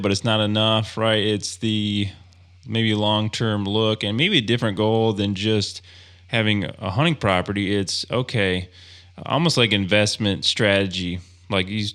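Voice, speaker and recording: A man's voice: lowish voice, vocal fry, fairly bright tone, clear, resonant tone. A man hosting a podcast interview, talking casually and thinking aloud with plenty of fillers. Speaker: podcast host.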